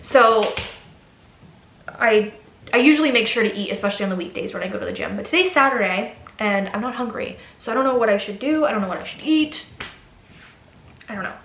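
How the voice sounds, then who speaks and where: A woman's voice: a little high, lively intonation, fairly quick, pauses often, fairly bright tone. Chatty young woman vlogger, echoey room. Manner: chatty, rambling with many fillers and restarts. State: pregnant. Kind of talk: casual get-ready-with-me vlog.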